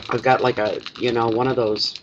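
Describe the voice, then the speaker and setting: A man's voice: mid-range voice, little pitch movement, moderate pace. A man with a stuffy nose, rambling to himself while he gets ready for a casual card reading. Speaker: card reader. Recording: lo-fi with clear background noise.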